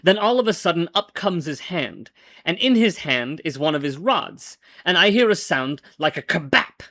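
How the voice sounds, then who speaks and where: A man reads an old-fashioned story aloud in a wry, deadpan storytelling voice that sits slightly high. He stumbles and corrects himself now and then. The sound is close and dry. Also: moderate pace, no echo. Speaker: host and reader. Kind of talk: dramatic story reading.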